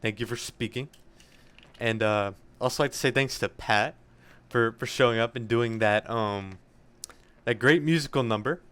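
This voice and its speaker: A man's voice: mid-range voice, normal speed, a bit bright, clear, resonant tone. A young man co-hosting a podcast, giving rambling, jokey thank-yous to listeners. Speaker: podcast co-host. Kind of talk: casual chat, listener shout-outs.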